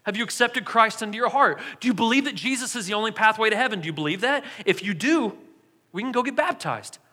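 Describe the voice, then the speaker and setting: Brief: preacher playing an earnest, persuasive male evangelist in a sermon story, high voice, hall reverb. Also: animated, fast, bright, forceful tone, heavily acted. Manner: earnest, explaining. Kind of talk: preacher voicing a quoted figure.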